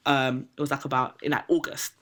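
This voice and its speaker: Low-voiced woman telling a story. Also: brisk. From Nigerian heritage, raised in Britain. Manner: animated, acts out quoted people, laughs often. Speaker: podcast co-host telling a story. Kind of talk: casual storytelling chat. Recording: podcast mic, loud laughter.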